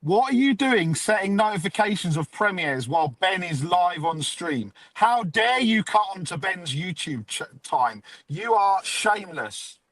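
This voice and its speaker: A man's voice: high-pitched, lively intonation, a little slow, few pauses, a bit bright, dry recording. A man co-hosting a live podcast stream, teasing others in mock outrage. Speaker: podcast co-host. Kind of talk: casual live-stream banter.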